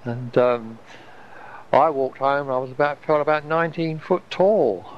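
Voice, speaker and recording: A man's voice: mid-range voice, steady tone, moderate pace, a little hiss or hum. A man, telling a personal story in a rambling, wondering way, often restarting his sentences. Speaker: storyteller recalling an experience. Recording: dull lo-fi recording.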